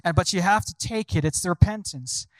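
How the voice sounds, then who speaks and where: Brief: a male preacher with a high voice, questioning his listeners, dry sound. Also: fairly quick, no room sound. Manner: rhetorical questions to the congregation. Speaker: pastor. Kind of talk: sermon.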